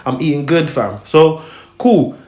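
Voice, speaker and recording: A man's voice: on the high side, unhurried. Young man telling stories in an echoey room. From Congo, raised in America, now UK. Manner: rambling and animated, acts out voices, heavy slang fillers. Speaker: host. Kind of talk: casual storytelling chat.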